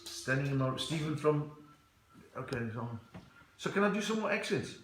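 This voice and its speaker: A man's voice: fairly high pitch, animated, brisk, fairly bright tone, echoey room, a little hiss or hum. A South African man doing a playful live-stream comedy chat from his home, reading comments and switching into accents. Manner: chatty, playful, slips in and out of accents. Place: room at home.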